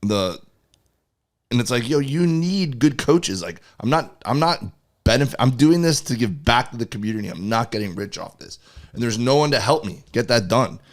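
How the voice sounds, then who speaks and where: Man telling animated stories in casual chat. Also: mid-range voice, normal speed. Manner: animated storytelling with filler words. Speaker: podcast co-host.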